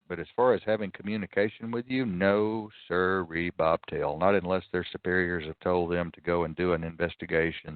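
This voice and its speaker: Host: emphatic, folksy man, fairly low, tinny dry line. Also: no room sound. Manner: emphatic, lays down rules, folksy sayings. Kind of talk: casual talk-show chat. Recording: dry tinny phone-like audio.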